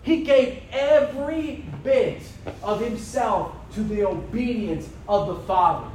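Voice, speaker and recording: A man with a notably high voice preaching a sermon in a room full of people. He takes his time, drawing the words out slowly. He keeps asking the listeners questions that expect an answer back. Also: darkish tone, slight background noise. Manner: preaching with rhetorical questions to a responding congregation. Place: room with a congregation.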